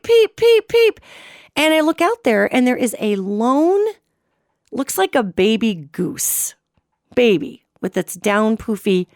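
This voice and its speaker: A middle-aged woman hosting a radio show, telling a personal story in an expressive way and imitating sounds as she goes. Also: mid-range voice, no echo, clean studio sound.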